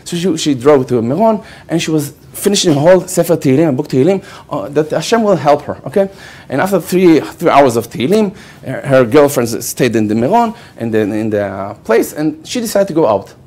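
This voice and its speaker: A man's voice: a little high, big pitch swings, fairly quick, darkish tone. A man with an Israeli accent, a rabbi giving a storytelling lecture, laughing often and checking in with "okay" as he goes. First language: Hebrew.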